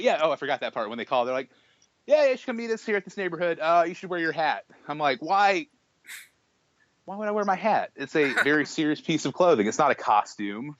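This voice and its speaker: A young man co-hosting a podcast, telling an animated story in casual chat, full of restarts and acted-out quotes. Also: a little high, a little fast, no room sound, muffled recording. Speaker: podcast co-host.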